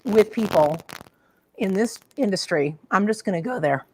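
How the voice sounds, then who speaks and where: A woman's voice: medium pitch, lively intonation, moderate pace. A woman co-hosting a casual chat show, frank and fired up as she vents. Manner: frank, fired-up ranting, drawling. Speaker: co-host.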